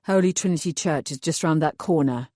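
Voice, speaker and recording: A woman voicing a kind, protective male fairy who speaks quietly and earnestly in an audiobook. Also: sits low, brisk, no echo, studio quality. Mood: calm.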